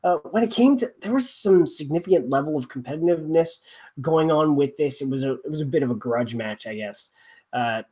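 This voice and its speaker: A man's voice: fairly high pitch, animated, fairly quick, warm tone. A man co-hosting a rugby podcast, casual and rambling, joking with plenty of fillers and restarts. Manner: wry, joking. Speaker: podcast co-host.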